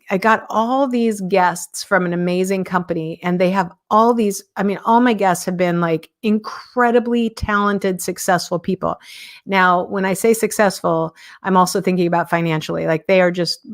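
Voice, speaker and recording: A woman's voice: mid-range voice, fairly even intonation, moderate pace. Woman, 50s, podcast host, casual live monologue, candid and self-mocking. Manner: candid, self-deprecating, chuckles often.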